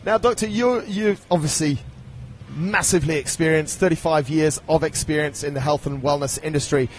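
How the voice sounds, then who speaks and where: A man's voice: fairly high pitch, normal speed, a little hiss or hum. A man hosting a podcast, upbeat and chatty as he introduces the show and interviews a guest. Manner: upbeat, chatty, reads sponsor plug. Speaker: podcast host.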